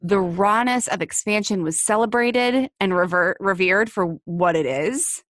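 A woman's voice: mid-range voice, a little slow, no room sound, studio quality. A woman hosting a heartfelt solo podcast, talking earnestly and repeating phrases for emphasis. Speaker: podcast host.

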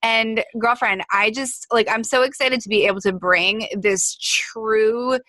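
A woman's voice: a little high, steady tone, a little slow, bright, forceful tone, dry recording, studio quality. A woman hosting a podcast interview, talking in an effusive, gushing way about her guest. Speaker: podcast host. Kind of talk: casual interview chat.

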